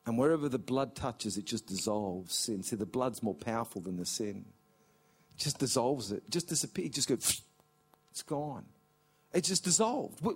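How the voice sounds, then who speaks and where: Man, middle-aged, pastor, impassioned sermon, high-pitched voice, shouting peaks. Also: husky.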